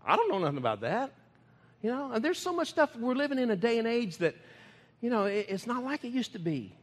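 Man, folksy preaching, husky voice, long reverb. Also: very high-pitched, sing-song, a little fast. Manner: folksy, emphatic, laughing often. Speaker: ministry speaker. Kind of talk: preaching talk.

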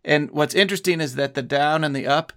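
A man co-hosting a podcast, explaining a poem and slowing down to stress key phrases. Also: on the high side, fairly bright tone. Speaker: podcast co-host. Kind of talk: conversational literary discussion.

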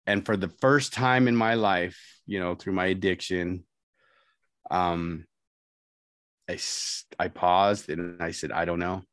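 A middle-aged man with a lowish voice tells his own story in an interview, candid and self-mocking, and he slips into the voices of the people he met. The sound is dry and close, with no room behind him. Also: steady tone, takes it slowly, a bit bright, clean tone, dry recording. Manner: candid, self-mocking, laughs often, quotes others. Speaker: guest telling his life story. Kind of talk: casual spoken storytelling.

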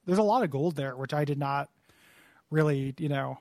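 A man's voice: fairly high pitch, normal speed, a little mellow, no room sound, clean studio sound. An American man co-hosting a podcast in casual chat, full of goofy jokes and wordplay. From United States. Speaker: podcast co-host.

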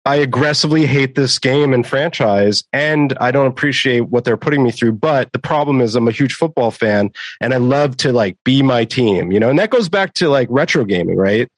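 A man who is a guest on a gaming podcast, talking casually in a rambling, halting way. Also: medium pitch, lively intonation, dry recording, poor audio. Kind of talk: casual interview chat.

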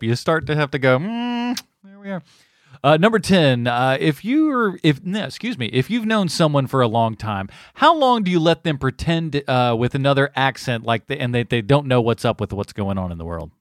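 A man's voice: mid-range voice, big pitch swings, brisk, few pauses, no room sound, clean studio sound. A man co-hosting a podcast, reading out questions and rambling through jokes with lots of laughter. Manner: rambling, laughing, acts out lines. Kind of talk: casual chat.

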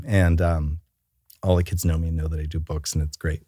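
Deep-voiced man, dry close sound. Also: fairly even intonation, normal speed, dark tone, husky, no room sound. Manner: enthusiastic and storytelling, with many fillers and restarts. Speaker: children's book author and illustrator. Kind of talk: relaxed interview chat.

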